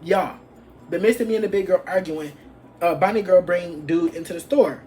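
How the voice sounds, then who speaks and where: A young adult woman vlogger telling an animated, profane story from her past and acting out what people said. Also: fairly low pitch, normal speed, slight background noise. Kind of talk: storytime vlog.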